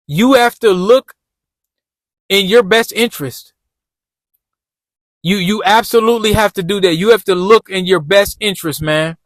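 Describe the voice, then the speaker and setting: A high-pitched man talks casually from his car, looping back over his points in easygoing street slang. The sound is dry and close, with no room echo. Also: moderate pace, long pauses. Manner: loose, repetitive street slang, addresses viewers as y'all. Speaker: vlogger giving job-interview tips. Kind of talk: casual talk while driving.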